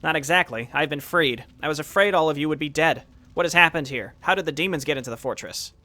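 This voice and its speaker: A man's voice: on the high side, fast, bright, forceful tone. Harmos, a man reading as a stern paladin. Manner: read aloud from game text, plain.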